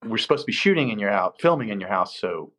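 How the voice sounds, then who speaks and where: A man with a slightly low voice tells stories from a film set in a relaxed interview. He acts out the people he quotes with lively jumps in pitch, then settles back into easy storytelling. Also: fast talker. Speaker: film location manager, guest.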